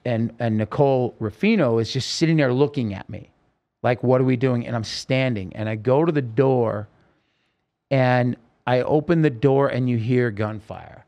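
A man's voice: mid-range voice, normal speed, a little mellow. A man, a podcast guest, urgently recounting a personal story in vivid, present-tense detail.

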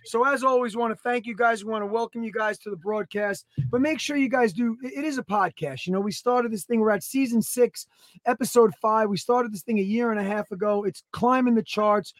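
A man in his thirties co-hosting a podcast, talking loudly in an excitable, joking and profane way. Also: sits high, fairly quick, no room sound. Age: 30s. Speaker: podcast co-host. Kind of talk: casual podcast banter.

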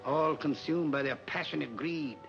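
A man's voice: a little high, normal speed, gravelly. A man playing an ominous, confiding narrator in an old film trailer, heard over music on a dull vintage soundtrack.

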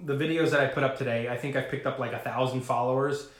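A man talking casually to camera about his investing, rambling and animated, swearing now and then. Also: medium pitch, fast, roomy sound. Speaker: retail investor vlogger.

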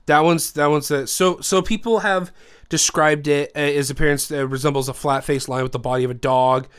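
A man's voice: a little high, fairly even intonation, fairly quick, clean tone. A man co-hosting a podcast in casual chat, teasing his friend, swearing freely and telling a story with lots of fillers. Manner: teasing, swears freely, laughs loudly when flustered. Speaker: podcast co-host.

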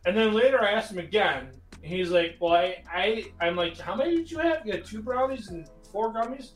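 A man's voice: high voice, normal speed, a bit bright, distant mic. A man telling a funny story in casual chat, often breaking into laughter. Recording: roomy echo with faint music.

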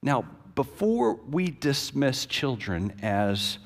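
A male pastor preaching a sermon and retelling a scene with vivid, animated storytelling. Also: mid-range voice, slow. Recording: echoey hall with long reverb.

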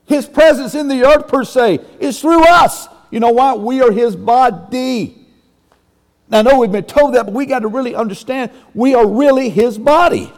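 A pastor with a high voice delivers a sermon in a folksy, emphatic style, breaking into sudden exclamations. A long reverb suggests a large church hall.

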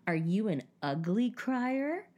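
A young woman co-hosting a casual chat, animated, her voice jumping high when she acts out what people say. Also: takes it slowly. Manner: animated, swoops high when acting out quotes. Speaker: podcast co-host.

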